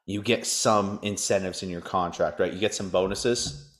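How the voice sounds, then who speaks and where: A man's voice: low-pitched, steady tone, moderate pace, fairly bright tone. A man hosting a casual sports podcast, ranting and cracking crude jokes. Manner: crude, joking rants. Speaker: podcast host.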